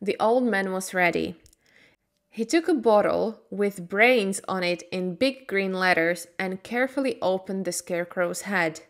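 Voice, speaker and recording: A woman, an English teacher reading a storybook aloud clearly and deliberately for learners. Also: medium pitch. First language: Slovak.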